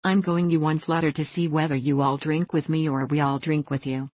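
A woman's voice: deep voice, steady tone, brisk, a little mellow, no echo. Burning Daylight, woman reading a hearty frontiersman. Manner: hearty, folksy drawl, calls out to a crowd. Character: boisterous male gold-rush adventurer turning thirty.

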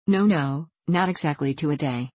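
A woman reading the part of a gentle middle-aged clergyman father who speaks slowly and hesitantly. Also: low-pitched, no echo. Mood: anxious. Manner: slow, measured, hesitant.

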